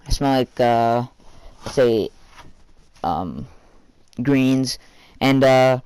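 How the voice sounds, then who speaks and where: A man's voice: medium pitch, darkish tone, clean tone, dry recording. A teenage boy telling a rambling personal story for a vlog, full of fillers and casual swearing.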